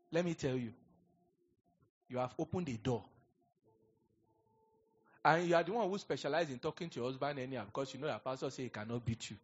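A Nigerian man preaching a sermon in a fairly high voice. He drops to quiet, low asides, then climbs into loud, pressing exhortation. The recording sounds a little dull, with faint music underneath. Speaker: pastor.

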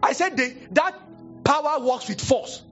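A young Nigerian man preaching a sermon as pastor, telling a story with acted-out voices and sudden high exclamations. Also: expressive, measured pace, fairly bright tone, lo-fi sound, faint music behind. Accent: Nigerian, Yoruba-speaking. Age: young adult.

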